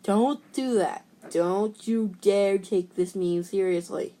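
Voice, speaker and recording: A woman's voice: mid-range voice, slow, mellow. A woman casually reading memes aloud, giggly and playful, slipping into silly voices. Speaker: meme reaction video maker. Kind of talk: casual meme reading commentary.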